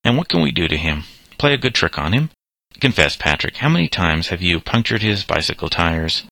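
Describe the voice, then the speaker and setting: A man's voice: deep voice, very animated, gravelly, sharp tone, dry recording, heavily acted, poor audio. A man voicing an eager, observant teenage boy among a group of friends. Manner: eager, quick.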